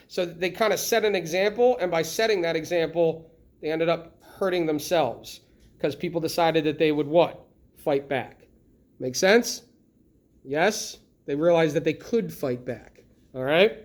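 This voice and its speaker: High-voiced lively male history teacher. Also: measured pace. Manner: lively, asks the class frequent questions. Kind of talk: classroom lecture.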